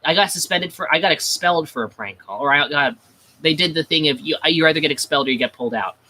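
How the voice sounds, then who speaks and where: A man's voice: fairly high pitch, expressive, quick pace, bright, forceful tone. A man chatting casually on a livestream, rambling with many restarts, crude and self-mocking. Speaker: livestream host.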